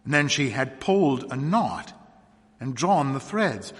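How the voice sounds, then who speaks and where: A man reading a short story aloud in a measured, expressive narration. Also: medium pitch, breathy edge, big-room sound. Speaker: reader.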